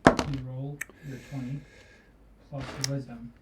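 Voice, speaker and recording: A man's voice: mid-range voice, flat delivery, unhurried, a bit bright. A man playing a tabletop game, supportive and keeping track of the rolls. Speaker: player. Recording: echoey room, off-mic.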